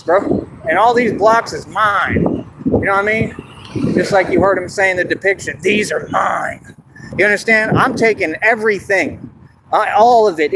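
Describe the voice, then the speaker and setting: A man's voice: high-pitched, noisy background. A man from Texas, talking in a boastful, swaggering monologue straight to camera. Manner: swaggering, repetitive, keeps asking "you understand?". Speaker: vlogger.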